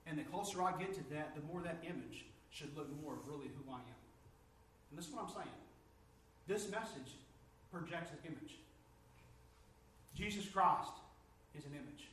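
A man preaching a sermon, telling stories with lively energy that climbs high and loud when excited. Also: moderate pace, pauses often, recorded from a distance, slight background noise. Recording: echoey room, from off mic.

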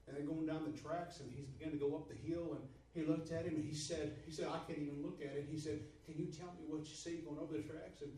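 Man, preacher. Storytelling sermon that swells into shouting, recorded from a distance in a reverberant sanctuary. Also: fairly high pitch, flat delivery, a little hiss or hum. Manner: builds to shouted, climactic preaching with repetition; drawn-out, soft storytelling delivery. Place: church sanctuary. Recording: echoey hall from far off.

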